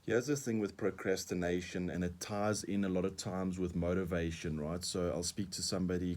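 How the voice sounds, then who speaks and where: Deep-voiced South African man coaching on radio. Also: fairly even intonation, a little fast, few pauses, a little mellow. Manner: earnest, repeats words, uses examples. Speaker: guest coach. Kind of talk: radio interview.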